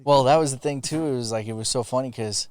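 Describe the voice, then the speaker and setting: A man's voice: mid-range voice, fast, darkish tone, smooth. A man hosting a casual podcast chat, telling rambling childhood stories with swearing and laughter. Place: studio in Los Angeles.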